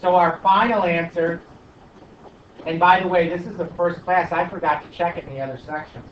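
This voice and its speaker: A man's voice: sits high, steady tone, moderate pace. A male math teacher questioning and coaxing his students through a problem in class. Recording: echoey classroom from far off, dull, light noise.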